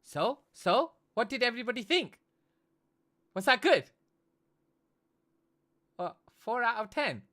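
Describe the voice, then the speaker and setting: A man's voice: very high voice, very animated, takes it slowly, pauses often, pushed and bright. A man from Britain hosting a casual live stream, chatty and tagging "okay?" onto nearly every phrase. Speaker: livestream host and esports commentator.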